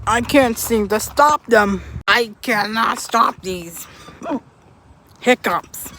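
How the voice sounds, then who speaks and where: Fretful male cat with hiccups, voiced by a woman; plaintive and slow-spoken, faint hum behind. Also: fairly high pitch, pushed and bright. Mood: worried. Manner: plaintive, worried and pleading.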